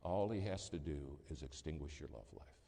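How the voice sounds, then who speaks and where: A low-pitched man preaching in a large church hall, spinning a folksy story with animated delivery. His deep voice rolls out into a long reverb that trails off each phrase. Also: normal speed, vocal fry, husky. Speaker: pastor. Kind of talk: storytelling sermon.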